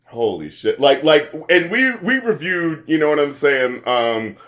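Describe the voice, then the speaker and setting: A man co-hosting a casual album reaction talk, excitable and swearing, often laughing and speaking straight to the listener. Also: on the high side, measured pace, highs cut off. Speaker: co-host reviewing albums.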